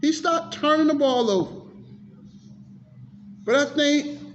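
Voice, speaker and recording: A man with a very high voice delivers an exasperated, profanity-laced sports rant straight to the camera. His talk circles back on itself with heated repetition. The audio is dull and lo-fi, with a faint hiss underneath. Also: slow pace, a bit bright. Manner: frustrated, cursing, repetitive ranting. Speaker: sports vlogger. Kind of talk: ranting sports commentary.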